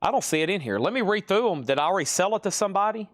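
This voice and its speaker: Guy hosting a live vinyl sale, kinda high voice, calls out titles and prices and talks to himself while sorting. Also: lively intonation, rapid-fire. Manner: rattles off titles and prices, thinks aloud. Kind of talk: live-stream auction selling.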